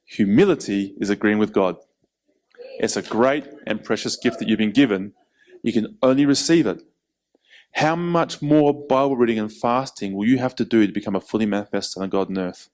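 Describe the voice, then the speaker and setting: A man preaching a sermon in an animated way, acting out quoted voices. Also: on the low side, normal speed. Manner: animated, acts out quotes, laughs between points.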